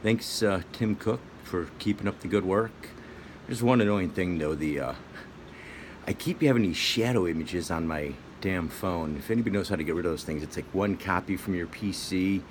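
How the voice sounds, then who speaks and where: Deep-voiced rambling middle-aged man. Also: moderate pace, slight background noise. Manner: rambling, goes off on tangents. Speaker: vlogger. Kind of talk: casual rambling monologue.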